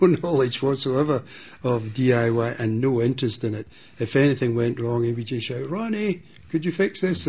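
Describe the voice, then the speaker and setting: Man, husky voice, reminiscing interview on a dull, muffled radio recording; measured, amused delivery. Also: mid-range voice, a little mellow. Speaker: interviewee recalling a friend.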